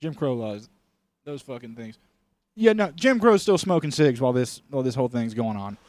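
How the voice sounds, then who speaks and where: A man's voice: medium pitch, animated, normal speed, darkish tone, no echo. A young man co-hosting a comedy podcast, chatting casually and joking around. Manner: joking, acts out mock voices. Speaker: podcast co-host.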